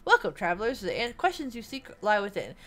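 A woman's voice: mid-range voice, big pitch swings, fairly quick, fairly bright tone. A woman doing a grand mystical spirit guide. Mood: grandiose.

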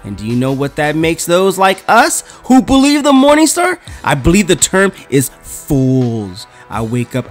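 Sneering demon guy, a man putting it on, sly and cocky, swings high and low. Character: scheming sneering male demon, cocky and mocking.

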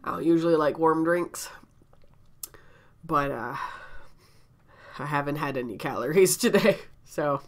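A woman's voice: sits low, measured pace, long pauses. A woman telling a casual story-time vlog while sick and out of breath, chatty and rambling, often laughing and coughing between thoughts. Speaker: vlogger.

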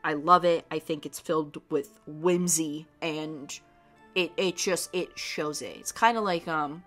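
Low-voiced woman rambling about a film. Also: fairly even intonation, measured pace, fairly bright tone, faint music behind. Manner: enthusiastic, rambling with many fillers and restarts. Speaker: podcast host. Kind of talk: casual rambling film talk.

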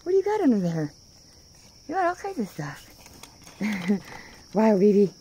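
A woman's voice: medium pitch, wildly swooping pitch, normal speed, warm tone, a little hiss or hum. A woman who rescues wildlife, talking in sing-song baby talk to her animals and laughing often as she films them on her phone. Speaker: wildlife rehabilitator. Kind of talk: casual talk to animals while filming.

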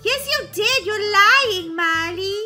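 A woman's voice: very high-pitched, expressive, moderate pace, music in the background, voice pushed up. Daisy, a woman playing an earnest kid sister. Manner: earnest and easily offended. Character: polite, helpful young sister Daisy.

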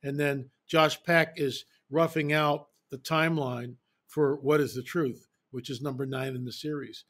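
Animated man telling stories in an interview. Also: fairly high pitch, unhurried. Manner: animated, emphatic, repeats phrases for effect. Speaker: guest. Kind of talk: casual interview storytelling.

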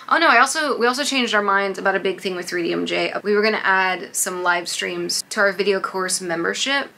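A woman's voice: mid-range voice, creaky, bright, forceful tone, slight background noise. A young adult woman in a casual talk-to-camera vlog, candid and rambling, swearing freely. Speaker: vlogger.

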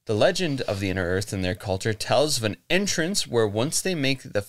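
A man's voice: mid-range voice, very animated, moderate pace. An American man co-hosting a podcast, telling a legend in a rambling, casual way with swearing and laughs. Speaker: podcast co-host. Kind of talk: casual chat, storytelling.

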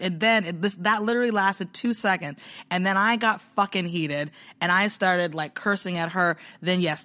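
A woman's voice: on the low side, fairly bright tone. A woman who is a podcast guest, telling a story in casual chat, heated and swearing often.

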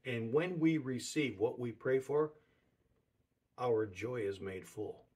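A man preaching a sermon in a relaxed, conversational way, repeating words for emphasis. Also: mid-range voice, slow pace, husky.

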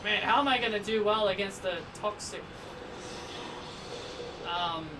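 An exasperated man talks slowly through his video game, repeating himself as he pleads with it and scolds it. His voice sits at an ordinary middle pitch. He is picked up from a little way off the microphone, with a faint hiss of noise behind him. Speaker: let's play gamer. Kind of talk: casual game commentary. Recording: distant mic with faint background noise.

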